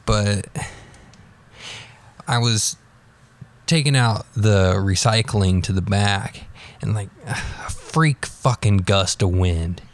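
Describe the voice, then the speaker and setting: A young man with a very low, gravelly voice tells a rambling personal story. He talks casually and swears freely, with an offhand, unbothered manner. His low pitch and fry stay steady throughout. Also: slow pace, long pauses. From United States.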